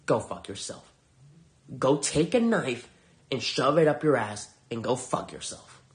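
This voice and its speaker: A man's voice: medium pitch, very animated, a little slow. A man hosting a podcast, reviewing shows in a heated, profane, sarcastic rant. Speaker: podcast host.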